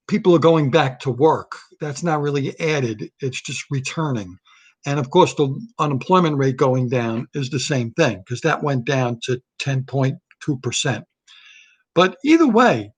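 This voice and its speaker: A male comedian in a solo rant, blunt and riffing, often repeating himself. His voice sits a touch high for a man. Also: husky.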